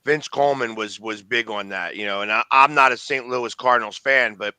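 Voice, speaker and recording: A man's voice: mid-range voice, brisk, crowd noise. A man co-hosting a sports talk show, speaking emphatically and with indignation in a casual chat.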